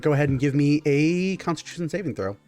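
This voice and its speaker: A man's voice: a little high, expressive, quick pace, a little mellow, faint music behind. A man narrating a tabletop game as game master, describing scenes in a rambling way with many fillers.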